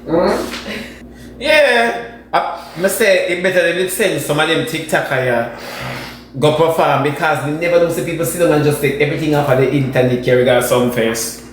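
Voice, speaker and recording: A man's voice: a little high, normal speed. A man with a Jamaican accent giving sassy, dramatic gossip commentary in a reaction video. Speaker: social media commentator. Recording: very echoey room with faint noise.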